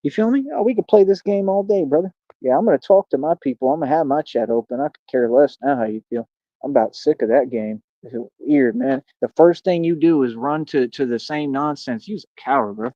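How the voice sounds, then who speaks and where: A man's voice: a little high, fairly quick, warm tone, no room sound. A man hosting a livestream, ranting and taunting his chat, often calling people "bro". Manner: combative, taunting, repeats "bro". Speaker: livestream host. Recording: dull lo-fi stream audio.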